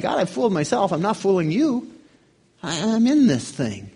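A man's voice: high voice, wildly swooping pitch, normal speed, creaky, dark tone, breathy edge. A man preaching a sermon in a conversational way, asking his listeners questions. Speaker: pastor.

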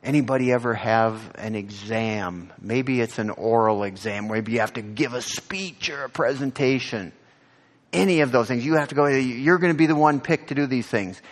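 A male pastor, heard in a large hall, preaches an animated sermon at a moderate pace with a medium-pitched voice. He puts direct questions to the congregation and climbs to emphatic peaks when he cites scripture.

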